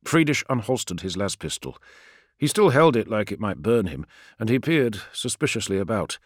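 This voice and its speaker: A man reading a sci-fi novel aloud as narrator, with an expressive storytelling delivery. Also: fairly low pitch, normal speed, breathy edge, no echo, studio quality. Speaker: audiobook narrator. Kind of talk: scripted narration.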